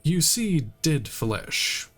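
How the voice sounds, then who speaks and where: A man streaming a game, reading its text aloud in a relaxed way and making occasional asides. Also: a little high, extremely slow. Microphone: streaming mic.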